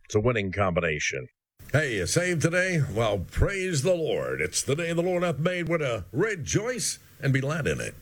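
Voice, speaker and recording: Male radio preacher, middle pitch, earnest and folksy, dry close mic. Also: a bit bright, no room sound. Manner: earnest, direct address to listener; rhetorical questions, folksy asides. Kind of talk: short radio sermon.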